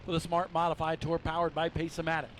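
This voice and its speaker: A man from the mountains of western North Carolina does live commentary on a stock car race, chatty and folksy, joking with his co-host. His voice is fairly high and fairly bright, the delivery completely flat and quick. There's a little hiss or hum.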